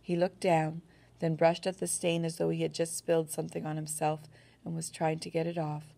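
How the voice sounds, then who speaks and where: A woman narrates a first-person novel as an audiobook. Her voice sits low, with a gravelly edge. Her reading is steady and earnest, and it rises only when the tension does. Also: a little fast.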